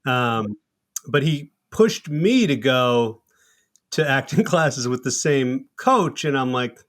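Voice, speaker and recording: A man and comedy filmmaker telling stories in a loose, animated podcast chat, swearing freely. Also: medium pitch, slow. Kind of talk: casual podcast conversation.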